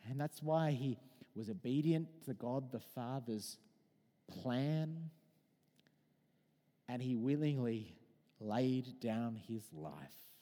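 A man in his thirties preaching a sermon in a conversational, animated way, mixing in personal stories. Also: mid-range voice, slow pace, pauses often, in a large hall. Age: 30s.

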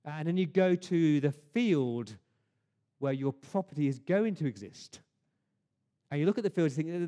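A man's voice: on the high side, lively intonation, normal speed, mellow. A man preaching a sermon to his congregation, earnest, often restarting words and asking rhetorical questions. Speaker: pastor. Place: church service.

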